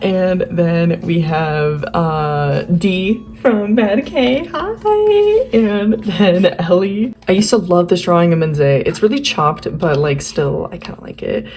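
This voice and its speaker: Giddy young woman with a lowish voice. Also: a little mellow. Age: young adult. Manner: giddy, rambling, quick gushing bursts. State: voice a little worn. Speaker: artist flipping through sketchbooks. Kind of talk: casual commentary.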